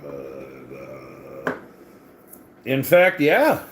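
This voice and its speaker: A man's voice: a bass voice, wildly swooping pitch, very slow, roomy sound, slight background noise. A man vlogging in casual chat, rambling and joking with crude language.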